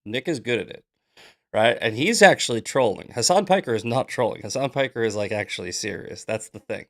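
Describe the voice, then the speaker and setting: A man's voice: mid-range voice, lively intonation, fairly quick. A man hosting a casual live-stream news commentary show, rambling and joking between points. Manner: loose, rambling, jokey asides while fixing tech.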